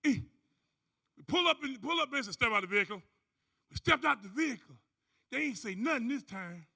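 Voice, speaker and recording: High, gravelly, animated man. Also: moderate pace. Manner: animated storyteller, acting out other voices and whooping. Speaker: conference speaker. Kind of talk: motivational testimony to a live audience. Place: conference stage.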